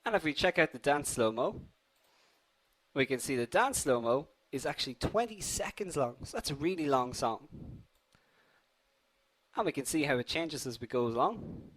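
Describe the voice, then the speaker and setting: A man's voice: fairly high pitch, expressive, normal speed. A young man hosting a live online coding tutorial, upbeat and chatty, addressing viewers as guys while a slight cold affects his voice.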